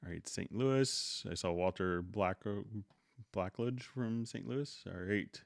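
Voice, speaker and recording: A middle-aged man hosting a live software tutorial stream in a relaxed, unhurried way, greeting viewers by name before he demonstrates. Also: low-pitched, gravelly, dry recording, clean studio sound.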